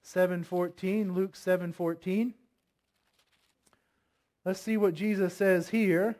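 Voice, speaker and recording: High-voiced male preacher quizzing his flock. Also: steady tone, slow pace. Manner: asks the congregation many questions; reads scripture aloud, voicing commands forcefully. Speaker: pastor. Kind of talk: sermon.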